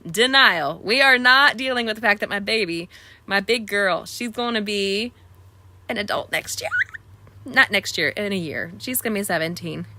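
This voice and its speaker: A woman's voice: mid-range voice, normal speed, pushed and bright, slight background noise. A woman, chatting bubbly and straight to viewers as host of a live crafting stream.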